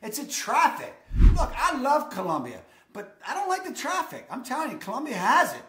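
A man's voice: very high-pitched, wildly swooping pitch, normal speed, sharp tone, reverberant. A man hosting a real estate vlog, enthusiastic and emphatic, leaning on the same catchphrases again and again. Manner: enthusiastic, emphatic, repeats "I'm telling you". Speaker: real estate video host.

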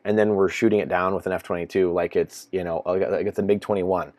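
Man, low voice, rambling commentary, dry close sound. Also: fairly even intonation, fast talker, darkish tone, dry recording. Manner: rambling, repetitive, incredulous. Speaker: finance commentator. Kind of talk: casual solo commentary.

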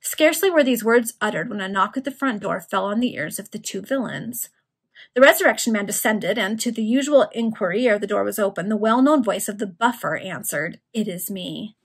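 A woman reads an old novel aloud for friends in a casual, unpolished way. Her voice is husky and breathy at a middle pitch. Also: expressive, brisk. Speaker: reader. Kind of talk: reading a Victorian novel aloud.

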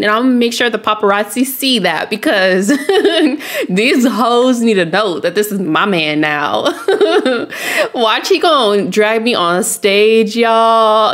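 A young woman hosting a let's play, giving animated, casual commentary and laughing often as she talks straight to her viewers. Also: on the high side.

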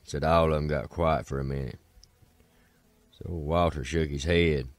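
A man's voice: a bass voice, fairly even intonation, a little slow, no room sound. A man with an Appalachian accent telling a folk tale in a folksy way, starting lines with "said" and doing the characters' voices. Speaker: storyteller.

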